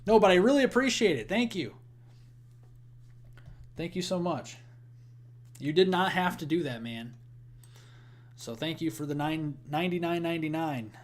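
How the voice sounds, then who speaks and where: A man's voice: fairly high pitch, lively intonation, normal speed, pauses often. A young man with a Midwestern American accent talks on a live weather stream. His voice sits a little above most men's, and he keeps a loose, chatty flow as he thanks viewers and runs through storm and snow details. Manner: chatty, thanks donors, rattles off forecast details. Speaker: weather livestream host.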